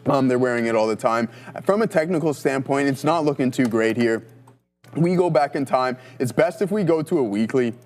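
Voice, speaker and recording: A man co-hosting a live trading stream, giving relaxed, opinionated technical takes on stocks. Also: medium pitch, brisk, soft background music. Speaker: co-host trader. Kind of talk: casual market chat.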